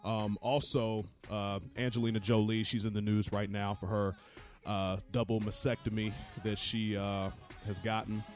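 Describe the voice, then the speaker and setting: Low-voiced man giving casual news. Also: flat delivery, normal speed, few pauses, faint music behind. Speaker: news segment presenter.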